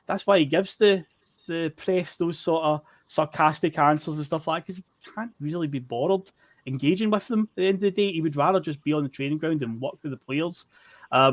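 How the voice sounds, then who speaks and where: A man's voice: fairly high pitch, no echo. A man co-hosting a football podcast, making his points in an emphatic, blunt way with some swearing. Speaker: podcast co-host. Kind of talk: casual football chat.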